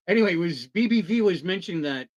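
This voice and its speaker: A man's voice: high-pitched, darkish tone, no room sound, low-quality recording. A man hosting a casual live stream, enthusiastic, asking his guest questions and answering viewers in the chat. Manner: enthusiastic, talks to viewers in chat, acts out quoted voices. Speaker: live show host.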